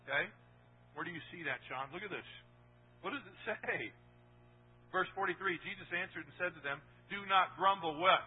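A man preaches a sermon, his slightly high, husky voice sinking to a hush and then rising to emphatic points. The sound is thin and phone-like, with a long reverb trailing behind. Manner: preaching, swings from hushed to emphatic. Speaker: pastor.

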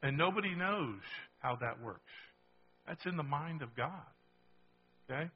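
A man's voice: on the high side, expressive, a little slow, breathy edge, in a large hall, lo-fi sound. A man preaching a sermon as pastor, emphatic and repetitive, often checking in with the congregation.

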